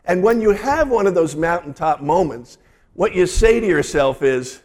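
A pastor preaching to his congregation, telling the story with animated asides. His voice sits a little higher than most men's. His delivery is conversational and vivid. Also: normal speed. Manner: storytelling, animated retellings of scripture. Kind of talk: sermon.

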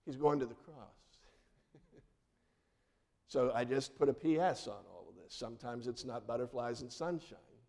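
Male pastor, middle-aged, mid-pitched warm voice, earnest sermon delivery that sinks to a hush for emphasis. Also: expressive, a little slow, vocal fry, long pauses. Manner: earnest preaching with dramatic soft drops.

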